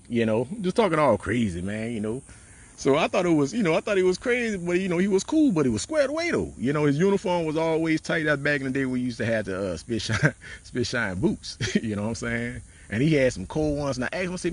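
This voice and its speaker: A man's voice: mid-range voice, big pitch swings, a little fast. A military veteran telling casual stories in slang, laughing often and acting out the lines of the people he quotes. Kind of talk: casual storytelling.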